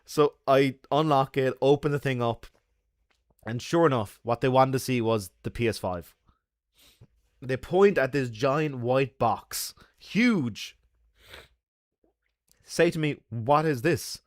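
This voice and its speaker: Animated man telling stories. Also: mid-range voice, slow, long pauses, dry recording, clean studio sound. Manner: animated, swearing, laughing often. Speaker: YouTuber. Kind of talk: casual livestream chat and storytelling.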